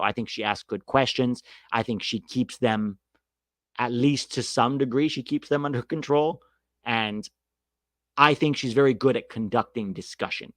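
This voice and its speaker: A man's voice: mid-range voice, fairly bright tone, no room sound. Blunt ranting man, dry close sound. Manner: blunt, ranting, sarcastic, swears freely. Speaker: soccer podcast host reading live chat. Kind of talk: casual opinionated chat.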